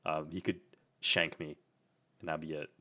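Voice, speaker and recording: A young man with a very deep voice tells a rambling story as a co-host. He says "like" over and over and swears casually. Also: flat delivery, moderate pace, sharp tone.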